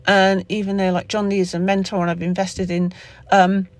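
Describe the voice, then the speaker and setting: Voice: medium pitch, level tone, normal speed, dry recording. A podcast host with a Somerset accent talking off the cuff in a solo episode, rambling with lots of fillers and restarts. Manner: rambling, with many fillers and self-corrections. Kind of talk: unscripted solo podcast monologue.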